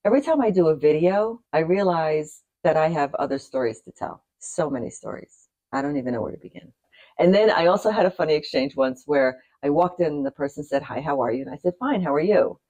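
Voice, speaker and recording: Middle-aged american vlogger just chatting to camera, rambles off on side stories, laughs a bit, average pitch. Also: expressive, a little fast, darkish tone, poor audio. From United States. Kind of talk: casual talk to camera.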